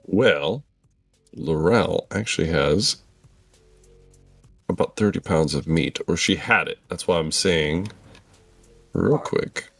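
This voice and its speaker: A man in his forties narrating a tabletop game as game master, animated and checking the rules as he goes. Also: deep voice, slow, gravelly, pauses often, breathy edge, no room sound, faint music behind.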